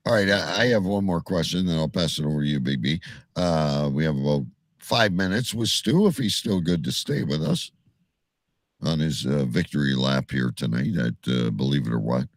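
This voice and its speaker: Male host, gravelly and lively, profane teasing banter, dry close mic. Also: very deep voice, moderate pace, dry recording. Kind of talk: casual banter on a live show.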